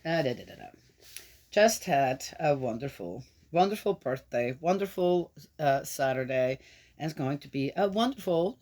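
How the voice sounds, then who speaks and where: Chatty grandmother with a lowish voice. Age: older. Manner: rambling, chatty storytelling with many fillers; steady, measured reading of scripture. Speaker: host reading the Psalms. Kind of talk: casual chat and scripture reading.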